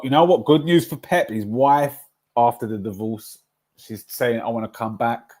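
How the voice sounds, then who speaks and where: A man's voice: medium pitch, darkish tone. A man hosting a casual football livestream, chatty and rambling, often laughing at his own stories. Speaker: livestream host.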